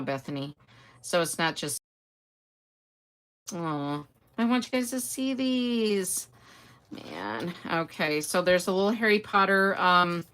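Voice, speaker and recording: A woman's voice: on the low side, fairly bright tone. An older woman hosting a casual live stream, chatting away, greeting viewers by name and answering their comments. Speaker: host.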